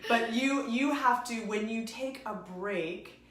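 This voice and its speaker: A woman co-hosting a casual advice talk show, lively and dramatic, often acting out what people say in quoted voices. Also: a little high, slow pace, roomy sound, crowd noise. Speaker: podcast co-host.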